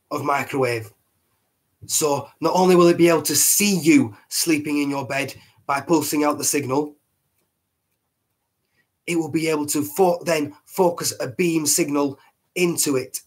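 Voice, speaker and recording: A British man with a husky, chesty voice hosting a live online show in a rambling, casual way, often restarting his words. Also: fairly high pitch, rough recording. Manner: rambling, repeats and restarts words, laughs at himself. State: chesty, a bit hoarse. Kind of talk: casual live-stream talk.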